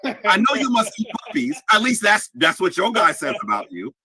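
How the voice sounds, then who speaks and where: A man in a heated livestream argument, confrontational and shouting his challenges. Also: high-pitched, huge pitch swings, moderate pace, husky, no room sound.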